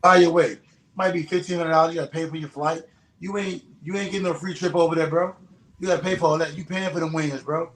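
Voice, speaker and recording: A retired pro boxer guesting on an interview speaks quickly in a higher-than-average voice with fairly even intonation. The conversation is casual, and his delivery is blunt, emphatic and full of swearing, all in an echoing room.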